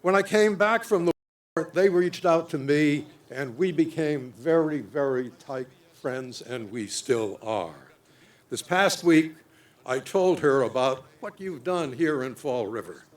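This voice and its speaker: An older man delivers a memorial dedication speech. His voice sits a little high for a man, and he speaks very slowly, with solemn, deliberate pauses between phrases. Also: expressive.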